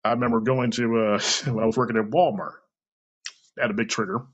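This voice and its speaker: A man's voice: mid-range voice, fairly even intonation, fast, slightly rough. A man hosting a solo podcast, rambling and swearing freely with self-mocking asides. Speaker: podcast host. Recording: dull lo-fi recording.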